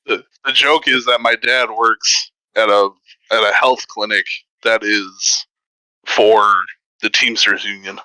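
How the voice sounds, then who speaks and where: A man's voice: lowish voice, takes it slowly, no echo, poor audio. A man hosting a podcast, telling a story in casual chat and acting out the voices in it. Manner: animated, acts out quoted voices. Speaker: podcast host.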